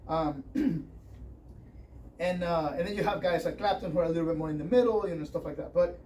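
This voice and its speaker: Guy teaching guitar in a workshop, kinda rambly, bit high voice, mic sits far off with faint hiss. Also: fairly quick, darkish tone. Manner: rambling, conversational, lots of fillers. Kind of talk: workshop lesson with playing demonstrations. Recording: distant mic with faint noise.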